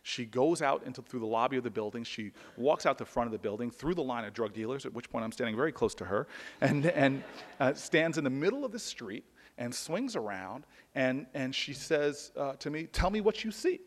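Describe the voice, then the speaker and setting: A man's voice: medium pitch, lively intonation, brisk, in a large hall. A man giving an earnest personal storytelling speech, often restarting and repeating words. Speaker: public speaker.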